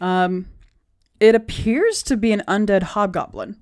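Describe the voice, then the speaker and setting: A woman narrating a tabletop game as game master, pausing often with ums. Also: medium pitch. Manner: halting, with many ums.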